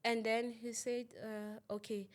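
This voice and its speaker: A young woman, a guest on an interview show, telling a painful story in halting speech, repeating words, using many fillers and often asking if the listener understands. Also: a little high, little pitch movement. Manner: asks "you understand?" often. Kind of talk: emotional personal testimony.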